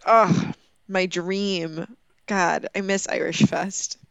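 A woman's voice: medium pitch, fairly even intonation, drawn-out words, vocal fry, fairly bright tone, clear, resonant tone, no room sound. A young woman co-hosting a podcast in casual chat, giggly and bubbly, saying "like" often. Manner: bubbly, giggly, says "like" a lot. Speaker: podcast co-host.

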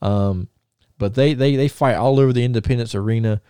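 Podcast co-host, male, mellow warm tone, dry close sound, rambling anecdotal delivery. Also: mid-range voice, a little fast, clean tone, no room sound. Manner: rambling storyteller, many restarts and chuckles. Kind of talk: casual chat.

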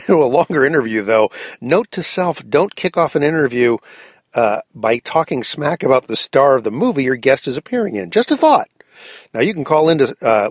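A man's voice: fairly high pitch, dry recording. A man wrapping up a radio segment with wry, dry joking remarks. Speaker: show announcer. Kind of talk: radio wrap-up commentary.

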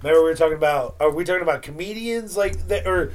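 A young man co-hosts a casual podcast, rambling from story to story with plenty of swearing. His voice sits a touch high for a man, and it rises and gets louder when he gets worked up. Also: quick pace. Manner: rambling, profane, excitable storytelling. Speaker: podcast co-host. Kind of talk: casual chat.

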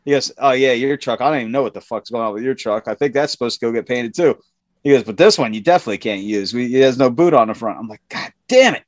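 A man with a mid-range voice speaks quickly in a dry recording. He's recounting a profane work story in casual talk, animatedly playing the other people and raising his voice for their quotes.

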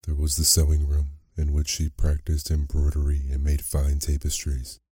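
A man narrating a bedtime sleep story in a slow, soft, measured way. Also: rumbling low, monotone, slightly rough, dry recording, studio quality.

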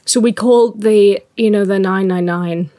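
A woman's voice: mid-range voice, normal speed, dark tone, no room sound, clean studio sound. A woman co-hosting a podcast, chatting casually and telling a story with frequent laughter. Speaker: podcast co-host. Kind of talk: casual chat.

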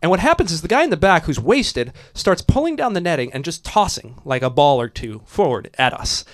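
A man with a slightly high voice tells a story in loose, casual chat. He is animated and profane, and he breaks into laughs partway through his sentences. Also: brisk. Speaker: podcast host telling a story.

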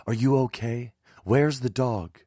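A man's voice: medium pitch, measured pace, slightly rough, no room sound, clean studio sound, pitched above the performer's own voice. A man voicing a worried, commanding furred mother who barks urgent orders at her sons. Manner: urgent, protective, sharp when barking orders.

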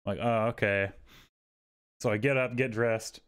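Animated man telling a story. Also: fairly low pitch, unhurried, smooth. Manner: animated, swearing, acts out quotes in raised voices. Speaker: podcast co-host. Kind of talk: casual storytelling chat.

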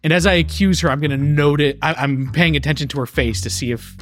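A man's voice: a little high, fast, faint music behind. A man playing a tabletop game, cracking crude jokes. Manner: joking, crude banter. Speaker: player. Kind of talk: tabletop role-play.

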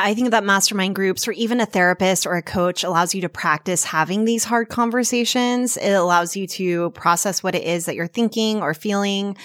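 A woman's voice: medium pitch, dry recording, studio quality. A woman co-hosting a podcast, earnestly giving advice through personal examples in a casual chat. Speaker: podcast co-host.

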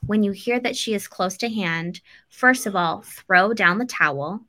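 A woman voicing a calm, wise talking cat, reading its lines like a storybook. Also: mid-range voice, a little slow.

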